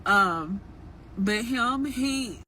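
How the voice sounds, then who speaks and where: A woman's voice: fairly high pitch, expressive, extremely slow, sharp tone, a little hiss or hum. A young woman telling a personal dating story to her viewers in a casual, frank, chatty way. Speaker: storytime vlogger.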